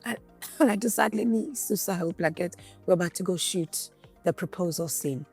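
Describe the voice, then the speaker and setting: South African woman, interview guest, animated storyteller, faint music bed. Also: lowish voice, moderate pace, husky. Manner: animated retelling, acts out quotes. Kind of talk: candid interview, mixing English and Zulu.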